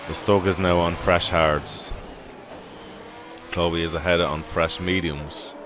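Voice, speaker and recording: An Irish man giving live sim racing commentary in steady, informal play-by-play. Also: sits low, slow pace, background noise. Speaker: race commentator. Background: background music.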